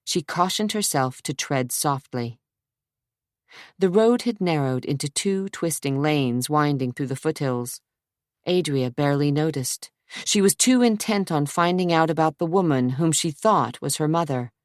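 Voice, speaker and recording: Low-voiced woman reading a thriller. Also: animated, measured pace, a little mellow, no echo, studio quality. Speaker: audiobook narrator. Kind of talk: scripted narration.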